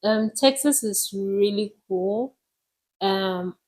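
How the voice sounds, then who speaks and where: Slow-talking Ghanaian woman. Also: mid-range voice, low-quality recording. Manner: relaxed, unhurried, with frequent ums. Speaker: podcast co-host. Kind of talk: casual chat.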